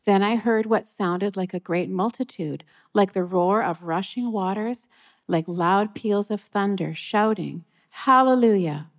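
A woman reading a scripture passage aloud in a church service, measured and solemn, slowing on key lines. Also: mid-range voice. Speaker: scripture reader.

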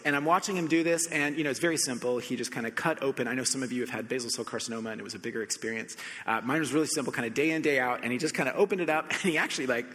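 A man from the United States preaching a sermon, telling a personal story with animated shifts between soft reflection and excited emphasis. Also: mid-range voice, very fast, hardly any pauses. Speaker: pastor. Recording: long hall reverb.

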